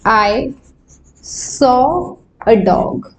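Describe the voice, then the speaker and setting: A young woman with an Indian English accent teaching grammar in a live online class, explaining slowly and asking the class rhetorical questions. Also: high voice, expressive, slight background noise.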